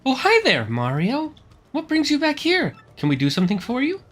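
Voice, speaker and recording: A man's voice: very high-pitched, wildly swooping pitch, normal speed, a bit bright, soft background music, pitched above the performer's own voice, exaggerated voice. A man voicing a clingy, melodramatic lovestruck woman with a Southern belle drawl, gushing and demanding. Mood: fretful.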